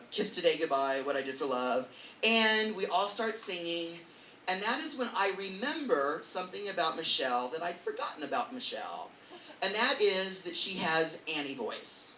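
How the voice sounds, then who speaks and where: A man's voice: high-pitched, sing-song, moderate pace, sharp tone, slight background noise. A man telling a funny personal story on stage, chatty and self-mocking, with lots of fillers. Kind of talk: live comic storytelling. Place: bar with live audience. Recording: echoey bar recording from far off.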